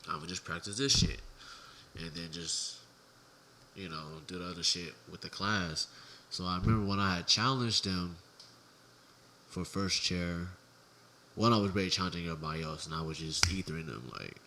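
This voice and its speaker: A man's voice: low voice, steady tone, normal speed, pushed and bright, a little hiss or hum. A young man co-hosting a podcast, telling stories casually in a laid-back, profane, slangy way. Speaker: podcast co-host. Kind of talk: casual chat, storytelling.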